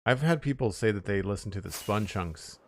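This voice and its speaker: A man's voice: on the low side, a little fast, no echo, studio quality. A man streaming a building game, chatting casually with his viewers while he works. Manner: relaxed, chatty, talks to chat while building. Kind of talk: casual live-stream chat while playing.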